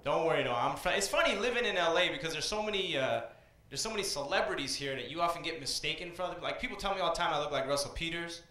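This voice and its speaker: A man from Iran performing stand-up comedy on a small club stage, with an energetic, punchy delivery. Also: fairly high pitch, quick pace. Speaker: comedian and open mic host. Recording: echoey club room.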